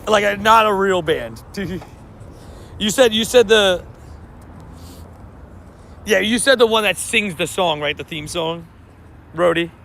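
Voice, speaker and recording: A man's voice: sits high, takes it slowly, gravelly, pauses often, bright, forceful tone, a little hiss or hum. A man streaming a mobile game, chatting casually with his viewers. He laughs often and trips over his words.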